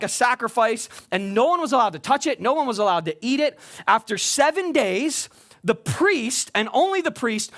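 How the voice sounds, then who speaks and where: A man's voice: high voice, fairly bright tone. A middle-aged male pastor preaching a sermon in an emphatic, conversational way, often checking in with the congregation by asking "right?".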